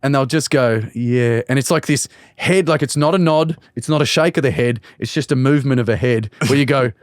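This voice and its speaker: A man's voice: mid-range voice, a little fast, no echo, clean studio sound. A man with an Australian accent, a comedian guest telling funny stories in a casual podcast chat and acting out quotes. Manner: storytelling, acts out quotes in put-on voices.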